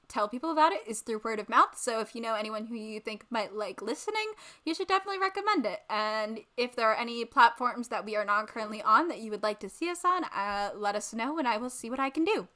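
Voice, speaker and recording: A woman's voice: fairly high pitch, bright, forceful tone. A woman co-hosting a podcast, chatting casually in a sarcastic, rambling way with lots of ums. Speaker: podcast co-host. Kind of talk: casual chat.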